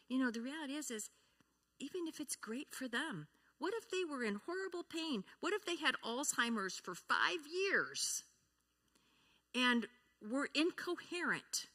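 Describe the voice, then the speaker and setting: Woman church speaker, bright tone, interactive teaching style that quizzes the audience. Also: high voice, big pitch swings, measured pace. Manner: asks the audience questions and acts out example replies. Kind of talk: teaching talk to a congregation.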